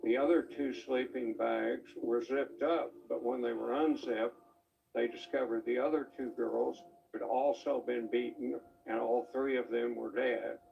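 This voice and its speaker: A man's voice: mid-range voice, steady tone, unhurried, vocal fry, distant mic, highs cut off. A man, an author and attorney, gives a documentary interview and recounts details in a matter-of-fact way.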